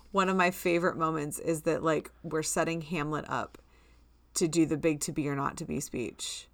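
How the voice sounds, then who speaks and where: A woman's voice: low-pitched, normal speed, no echo. A woman co-hosting a podcast in casual chat, telling stories and acting out quoted lines. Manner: animated storyteller, acts out quoted lines. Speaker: podcast co-host.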